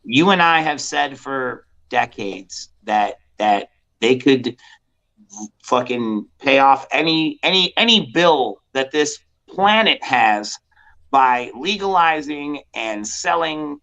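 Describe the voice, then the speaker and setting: A middle-aged man co-hosting a podcast, telling stories in casual chat, loose and profane, often slipping into quick impressions of other people. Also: mid-range voice, lo-fi sound. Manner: animated, profane storytelling with put-on voices. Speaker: podcast co-host.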